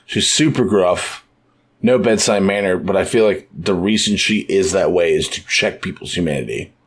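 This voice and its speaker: A man's voice: low-pitched, brisk, husky. A young man co-hosting a podcast in casual chat, loose and profane, animating scenes with sudden voice shifts. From United States. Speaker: podcast co-host.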